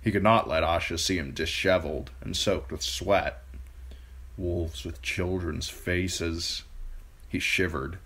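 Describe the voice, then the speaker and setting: A man with a very deep, low voice reads a fantasy novel aloud. He narrates as an amateur audiobook reader, taking the text slowly and deliberately. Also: steady tone, a bit bright, husky.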